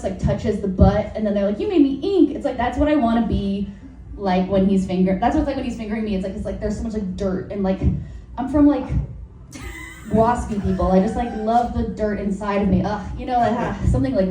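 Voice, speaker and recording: This female comedian has a dark, mid-range voice and performs a frank, crude set still in development before a live audience. She rambles, leans on fillers, interrupts herself, and laughs at her own jokes. Recorded from afar in a roomy venue, the audio carries faint noise.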